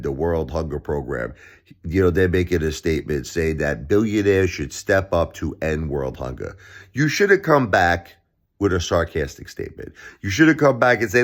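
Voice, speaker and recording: A man with a deep, low voice rants to his viewers in an impassioned, emphatic way. He repeats his points, and his pitch climbs and drops in wide, animated swings. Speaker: vlogger. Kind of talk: ranting commentary.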